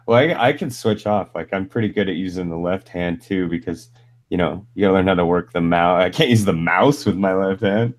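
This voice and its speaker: A man's voice: low voice, brisk. A man hosting a casual live stream chat, cursing freely and laughing through his stories. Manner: profane, storytelling, laughs while telling. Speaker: stream host.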